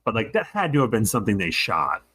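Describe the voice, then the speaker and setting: A man co-hosting a podcast, chatting animatedly about a TV episode and poking fun at its scenes. His voice is lowish but bright and edged. His pitch moves a lot as he talks. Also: fast, husky. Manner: animated, quizzical, quotes scenes mockingly. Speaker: podcast co-host. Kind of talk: casual chat recapping a TV episode.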